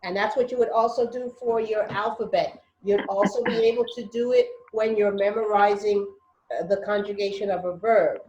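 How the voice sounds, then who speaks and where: A woman's voice: mid-range voice, fairly even intonation, moderate pace, echoey room, dull audio, background noise. A woman teaching an online Spanish class over a video call, patiently drilling pronunciation syllable by syllable.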